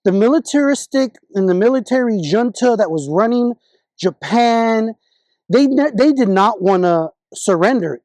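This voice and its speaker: A man's voice: sits high, darkish tone, no echo. A man vlogging his political opinions in a casual monologue, confident but often restarting and correcting himself mid-sentence.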